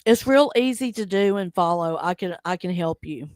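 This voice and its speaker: This host's voice is low and somewhat dark, yet animated, moving at a normal pace as she laughs, teases her viewers and reads out their chat on a casual stream. The sound is dry and studio-clean.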